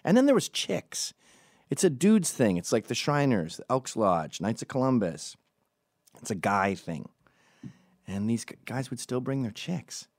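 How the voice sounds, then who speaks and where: A man's voice: medium pitch, sing-song, unhurried, a little mellow, no echo, studio quality. A man hosting a podcast who talks through a casual comic monologue in a profane, rambling and sarcastic way.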